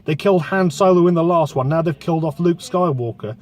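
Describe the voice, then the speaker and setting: Sweary man, fairly high voice. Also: brisk. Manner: sweary, excitable storytelling. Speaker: film reviewer. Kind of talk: casual spoken film review. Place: inside a parked car.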